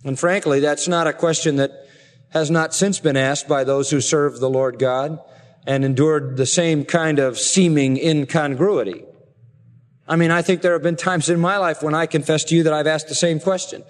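High-voiced male preacher in a reverberant hall. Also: steady tone, normal speed. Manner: earnest expository preaching, paraphrasing scripture. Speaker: pastor. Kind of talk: sermon.

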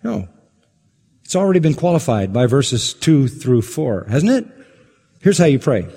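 A man preaching a sermon as pastor, emphatic and building to forceful peaks, asking the listeners rhetorical questions. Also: medium pitch, animated, normal speed. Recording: long hall reverb.

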